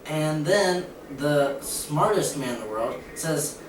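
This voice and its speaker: A man's voice: fairly high pitch, lively intonation, takes it slowly. A young man casually setting up a joke challenge and telling jokes in a loose, rambling way. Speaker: channel co-host. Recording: distant echoey room with noise behind.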